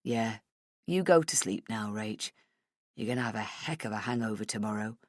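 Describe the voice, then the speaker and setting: A patient, gently teasing young husband who answers low and quiet, as a woman narrator voices him. Her voice drops deep and soft for him, and the sound stays dry and close. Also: normal speed, no room sound.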